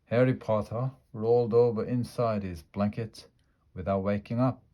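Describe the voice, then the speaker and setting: A man reading a children's book aloud, slow and careful with small slips. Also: on the low side, fairly even intonation, dull audio. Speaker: storybook reader.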